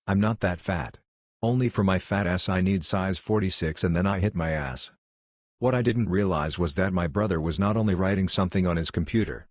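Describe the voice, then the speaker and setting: Male narrator, deep and dry, steady plain read of online posts. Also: no echo. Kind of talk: reading online posts aloud.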